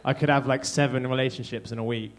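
Self-deprecating English stand-up comedian. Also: male voice, medium pitch, steady tone, fast. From England. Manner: self-deprecating, punchy and conversational.

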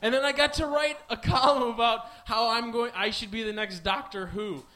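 A man's voice: very high-pitched, steady tone, moderate pace, sharp tone. A man in his twenties from the American Midwest, hosting a podcast with a rambling, profane, self-mocking comedic monologue. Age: 20s. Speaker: podcast host.

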